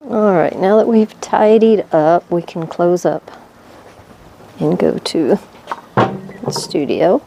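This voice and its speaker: Low, mellow-voiced middle-aged woman. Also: slow, vocal fry, long pauses, a little hiss or hum. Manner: relaxed and rambling, thinking aloud. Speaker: woodworking vlogger. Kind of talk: casual how-to chat. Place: home woodworking shop.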